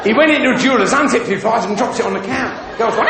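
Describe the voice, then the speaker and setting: A man's voice: extremely high pitch, lively intonation, quick pace, few pauses, very noisy. A man doing a bawdy stand-up routine, telling jokes and slipping into character voices before a live audience. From England. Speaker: stand-up comedian. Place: live comedy venue. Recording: echoey live venue with loud crowd laughter. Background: audience laughing.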